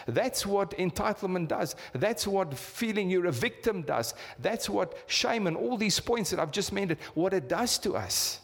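A man's voice: sits high, lively intonation, normal speed, gravelly, few pauses. A man in his fifties with a South African accent, preaching a sermon and putting rhetorical questions to his congregation. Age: 50s. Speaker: pastor. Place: church hall. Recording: long reverb of a church hall.

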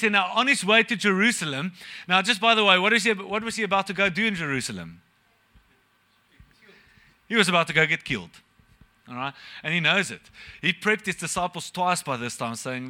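Forceful pastor. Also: male voice, a little high, expressive, fairly quick. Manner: chatty, joking, asks the congregation questions. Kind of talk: casual preaching sermon. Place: church service.

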